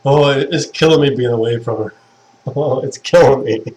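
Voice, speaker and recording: A man's voice: medium pitch, normal speed, darkish tone, a little hiss or hum, low-quality recording. A young man chatting casually to viewers on a livestream, gushing and sentimental and laughing often. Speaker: livestream host. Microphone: webcam stream mic.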